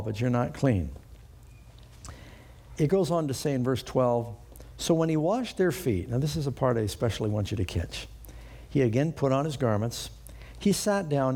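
A middle-aged man preaching a sermon, reading scripture aloud and slowing down to stress key points. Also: mid-range voice, creaky, dark tone. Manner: earnest preaching, slows for emphasis, reads scripture aloud. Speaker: pastor.

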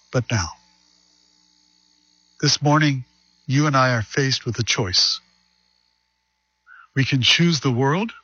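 A man pastor preaching a sermon, reading scripture slowly and deliberately and telling a story. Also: medium pitch, a bit bright, breathy edge, no echo, dull audio.

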